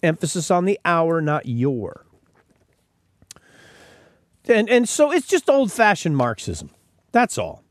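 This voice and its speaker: A man's voice: fairly high pitch, wildly swooping pitch, takes it slowly, pauses often, no room sound, clean studio sound. A man hosting a podcast, delivering emphatic opinionated commentary and often repeating words as he starts sentences. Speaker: podcast host.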